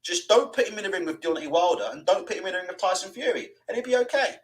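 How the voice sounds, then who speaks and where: Animated man ranting live. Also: sits high, fast. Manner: animated, swears freely, mocking put-on voices. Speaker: boxing livestream host. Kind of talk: live-stream rant and comment reading.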